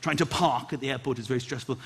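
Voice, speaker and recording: A man doing a stand-up comedy routine on stage and hosting, animated, breaking into loud acted-out voices. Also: medium pitch, fast, creaky. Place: comedy stage, live audience. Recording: live audience noise.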